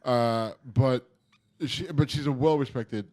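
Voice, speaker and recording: A man's voice: medium pitch, takes it slowly, darkish tone. A middle-aged man co-hosting a podcast, chatting loosely and rambling with lots of fillers. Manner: rambling, loose, lots of ums and you-knows. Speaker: podcast co-host. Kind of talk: casual podcast chat.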